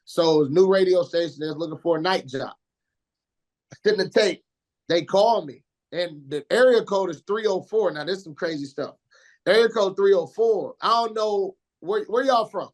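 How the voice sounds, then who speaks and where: A man in his forties from Indiana, a radio DJ telling stories as an interview guest in slangy, animated speech, acting out the people he quotes. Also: high-pitched, normal speed. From Indiana, USA. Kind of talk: casual storytelling interview.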